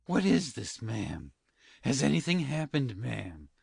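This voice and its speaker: Woman putting on a pompous male beadle, very low and gravelly, slow and grave, husky, dry close sound. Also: big pitch swings, a little mellow, no echo, full character voice. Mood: pompous concern.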